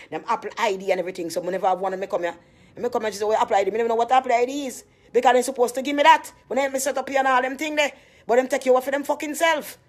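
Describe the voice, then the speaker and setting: A woman with a Jamaican accent ranting to her viewers, indignant and rambling, swearing freely as she sells skin cream. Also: high voice. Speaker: vlogger selling skin cream. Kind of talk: casual rant to camera.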